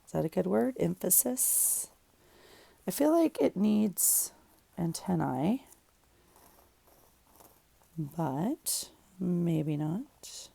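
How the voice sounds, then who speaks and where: Deep, gravelly woman chatting while crafting. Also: big pitch swings, extremely slow, long pauses, warm tone, no room sound. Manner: rambling, thinks aloud while working. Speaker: journaling vlogger. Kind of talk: casual chat while crafting. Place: home craft room.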